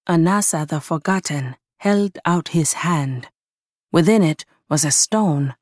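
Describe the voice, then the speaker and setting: Low, slow-spoken woman narrator. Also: a little mellow, no echo, clean studio sound. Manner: lyrical, measured. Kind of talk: scripted story narration.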